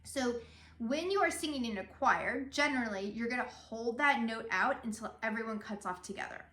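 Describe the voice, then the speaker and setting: A woman's voice: fairly high pitch, normal speed, sharp tone. A woman singing teacher giving a vocal lesson, patiently speaking lyric lines aloud to show where the emphasis falls. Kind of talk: vocal lesson with spoken demonstrations. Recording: roomy, echoey room.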